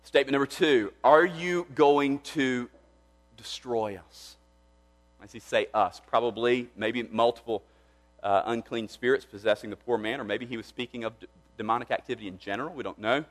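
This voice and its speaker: A man's voice: mid-range voice, fast. A man preaching a sermon as pastor, earnest and emphatic, often restarting his phrases as he builds to a point. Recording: long hall reverb.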